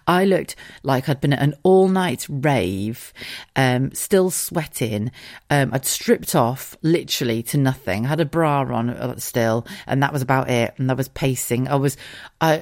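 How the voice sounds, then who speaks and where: A woman host frankly telling a personal story in a casual, animated way, with swearing and laughter. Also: very deep voice, dry recording, studio quality. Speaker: podcast host.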